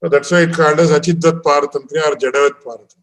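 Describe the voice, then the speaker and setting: A man's voice: fairly high pitch, fairly even intonation, rapid-fire, rough recording. A man, teaching a religious discourse and explaining verses in a patient, explanatory way. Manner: explanatory, quotes Sanskrit and Tamil verses, chuckles. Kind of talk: scriptural discourse.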